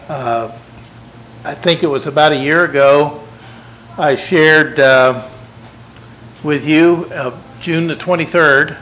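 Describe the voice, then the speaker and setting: An older man preaching a sermon, folksy and self-deprecating, unhurried. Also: fairly high pitch, fairly bright tone, low-quality recording.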